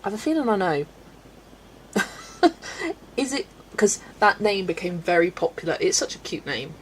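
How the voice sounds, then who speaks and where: A woman's voice: fairly low pitch, very animated, moderate pace, a little hiss or hum, low-quality recording. Chatty laughing woman streamer from Belgium. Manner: chatty, laughs often, stumbles over names. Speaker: livestream host reading chat. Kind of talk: casual livestream chat. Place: home, colouring at a desk.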